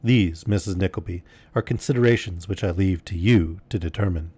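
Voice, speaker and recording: A man voicing a pompous, smooth-talking gentleman who speaks in grand, flowery, theatrical flattery. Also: deep voice, brisk.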